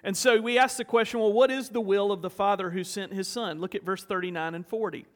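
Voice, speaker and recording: Pastor, male, fairly high voice, earnest storytelling sermon in an echoing sanctuary. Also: fairly even intonation, a little fast. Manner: storytelling, earnest, rhetorical questions. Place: church sanctuary.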